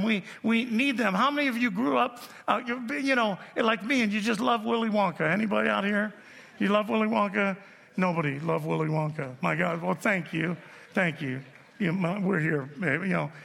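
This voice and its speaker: A man in his sixties delivers a sermon in a bright, gravelly voice. He tells stories with animation and teases his congregation. The sound carries the long reverb of a large church hall. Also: high voice. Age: 60s. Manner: animated storytelling, jokes with the audience. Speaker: pastor. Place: church auditorium.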